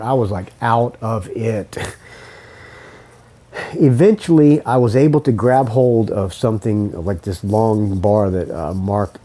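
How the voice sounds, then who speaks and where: A man's voice: fairly low pitch, measured pace, dark tone. A man hosting a podcast, telling a story casually, rambling and swearing, with a lingering cough. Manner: rambling, swearing, self-correcting. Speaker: podcast host.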